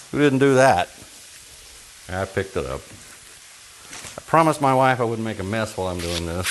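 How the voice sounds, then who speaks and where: A man's voice: lowish voice, background noise. A man from Texas cooking in his home kitchen, chatting in a folksy, joking way as he demonstrates a recipe. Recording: bacon sizzling and frying in the kitchen.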